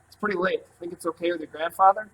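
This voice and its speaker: A man's voice: high voice, steady tone, fast talker, a bit bright, slight background noise, rough recording. A man doing an easygoing young trumpet player. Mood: friendly. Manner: easygoing, joking. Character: friendly, flattering young male trumpet player.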